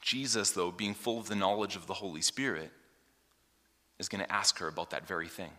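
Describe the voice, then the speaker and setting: A man preaching a sermon, reading scripture aloud and explaining it, swinging from hushed asides to emphatic points. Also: low-pitched, steady tone, a little fast. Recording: long hall reverb.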